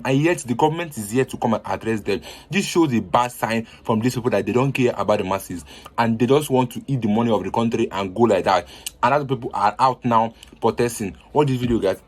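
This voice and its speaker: A man, hosting a news vlog and earnestly addressing viewers. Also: medium pitch. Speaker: vlog host. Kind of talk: news commentary.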